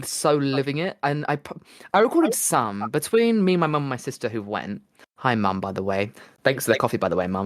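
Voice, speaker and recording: Excitable man gushing in chat. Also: mid-range voice, no echo, clean studio sound. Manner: gushing, excitable storyteller with many restarts. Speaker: podcast co-host. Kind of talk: casual chat.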